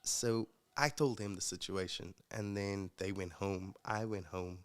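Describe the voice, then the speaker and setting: A man from Africa, a podcast guest telling his story in a casual, reflective way, pausing with fillers and restarts. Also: low voice, steady tone, clear, resonant tone. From South Africa.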